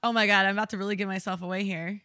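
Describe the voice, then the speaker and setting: A woman's voice: medium pitch, little pitch movement, racing, pushed and bright, no echo, clean studio sound. A woman co-hosting a casual chat, telling bawdy stories frankly and laughing often. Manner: candid, bawdy storytelling with frequent laughter. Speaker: podcast co-host.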